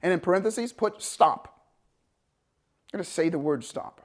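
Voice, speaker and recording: A man teaching a motivational seminar, telling a story with lively acted-out dialogue and swings between loud bursts and hushed, calm passages. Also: high-pitched, normal speed. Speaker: motivational coach.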